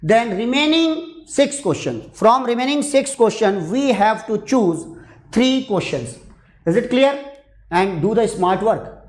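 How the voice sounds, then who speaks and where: Teaching exam prep online, this Indian English-accented man sounds high-pitched and animated yet unhurried, with a roomy quality to the audio. He keeps asking rhetorical questions, goes over points again and weaves Hindi into his lecture.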